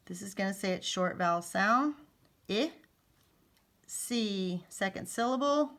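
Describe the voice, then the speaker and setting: A woman's voice: mid-range voice, animated, brisk, fairly bright tone. Woman, middle-aged, teacher, phonics lesson for parents, chatty, repetitive, checks in often. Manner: chatty, repeats key points, asks "okay?".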